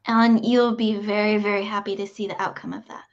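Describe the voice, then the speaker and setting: A woman's voice: mid-range voice, little pitch movement, brisk, a little hiss or hum. Chatty woman, dull lo-fi audio. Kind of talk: casual chat.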